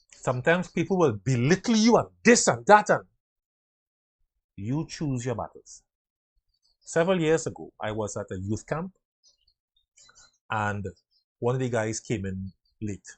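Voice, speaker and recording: A middle-aged man speaks earnestly on leadership, his fairly high voice leaping up and down in pitch. He swings between loud bursts and soft asides, acting out quotes and sounds as he goes. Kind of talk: motivational talk.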